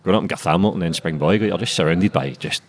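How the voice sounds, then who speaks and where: A man's voice: low-pitched, very fast. A young Scottish man with a Glasgow accent, a sweary author chatting casually on a podcast, rambling and tagging his points with "know what I mean". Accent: Scottish, Glasgow area. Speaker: author guest.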